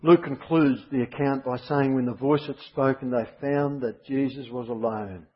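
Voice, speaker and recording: A man's voice: medium pitch, fairly even intonation, normal speed, husky, highs cut off. A man preaching a sermon, emphatic and repeating his key phrases for weight.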